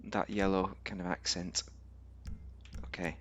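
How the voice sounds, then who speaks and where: A man's voice: low voice, steady tone, a little slow, fairly bright tone. A man giving rambling, casual commentary on a game, thinking aloud with fillers and restarts. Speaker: game reviewer.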